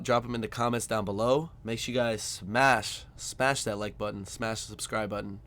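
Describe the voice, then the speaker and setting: A man's voice: lowish voice, steady tone, normal speed, few pauses, a bit bright. A man from the United States hosting a reaction video, chatting in a loose, enthusiastic way. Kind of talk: casual reaction commentary.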